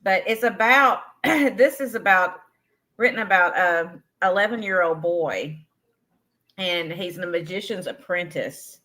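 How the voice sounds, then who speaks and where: A woman's voice: lowish voice, unhurried, sharp tone. A woman co-hosting a live online sale, chatting casually about books with fillers.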